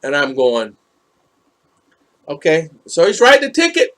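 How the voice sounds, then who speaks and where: A man's voice: fairly high pitch, wildly swooping pitch, unhurried, fairly bright tone. A man from the United States telling a story in a casual vlog, acting out both sides of the dialogue and replying to live chat. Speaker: vlogger reading live chat.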